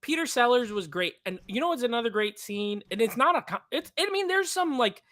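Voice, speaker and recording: A man's voice: very high-pitched, very animated, brisk, a bit bright, dry recording. A man co-hosting a casual movie review chat, talking with enthusiasm and rambling with many fillers. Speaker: podcast co-host.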